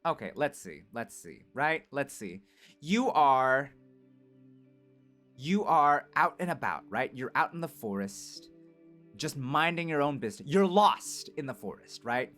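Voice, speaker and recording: A man streaming, telling an improvised story to his chat in an animated, rambling way full of "right?" and "like". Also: medium pitch, measured pace, soft background music.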